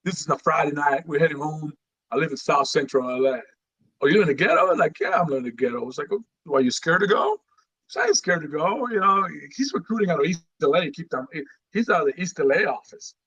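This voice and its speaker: A middle-aged man from Guatemala, a retired Marine telling his story as a guest in a casual podcast interview, animated and full of "you know"s. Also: fairly high pitch, quick pace, slightly rough, highs cut off.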